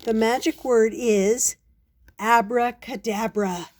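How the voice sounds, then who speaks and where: Kind old shopkeeper, gentle and encouraging, as a grandma puts him on. Storybook figure. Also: female voice, fairly high pitch, fairly even intonation, takes it slowly, pitched above the performer's own voice. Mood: kindly.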